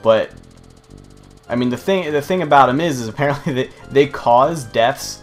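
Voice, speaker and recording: A young man talks through his gameplay in a loose, rambling way, swearing often. His voice sits at an ordinary middle pitch. Faint music plays quietly behind him. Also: normal speed. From United States. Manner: rambling, profane, chatty. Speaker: let's play host. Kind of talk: casual gameplay commentary.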